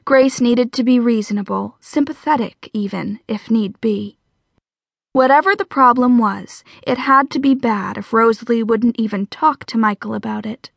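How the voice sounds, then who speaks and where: A woman's voice: a little high, normal speed, vocal fry, no echo. Woman narrating an audiobook, dry sound. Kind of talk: scripted narration.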